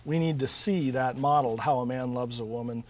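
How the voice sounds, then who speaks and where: A male author being interviewed, middle in pitch. He talks earnestly and tells stories at a conversational pace, often restarting his sentences as he goes. His speech is warm and sincere rather than polished. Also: a little fast. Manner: earnest, storytelling, with frequent restarts. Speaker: author and guest.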